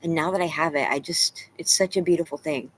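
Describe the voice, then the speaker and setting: A woman's voice: sits low, fairly even intonation, brisk, a little hiss or hum, low-quality recording. A woman around forty-two, tearful and candid, rambling in a casual vlog with some swearing. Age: 40s. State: crying. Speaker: vlogger. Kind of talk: emotional casual vlog talk, reading chat.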